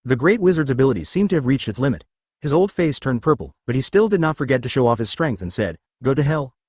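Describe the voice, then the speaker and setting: A man's voice: mid-range voice, big pitch swings, fast talker, a little mellow, slightly rough, no room sound, studio quality. A man narrating a fan-fiction story as a synthetic audiobook voice, reading censored words out letter by letter with asterisks.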